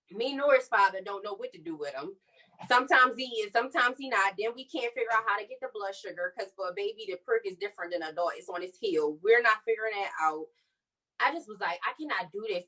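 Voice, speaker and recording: A young woman telling her personal story on a podcast, candid and animated, acting out what others said. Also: on the high side, far from the mic, low-quality recording. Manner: candid, animated retelling with quoted dialogue. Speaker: podcast co-host.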